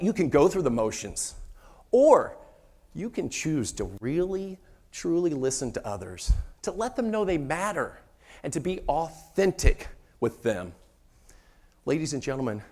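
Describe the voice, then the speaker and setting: A man giving an inspirational stage talk to an audience, joking with the crowd and turning hushed and tender when telling a story. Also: medium pitch. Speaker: motivational speaker, former sports mascot performer.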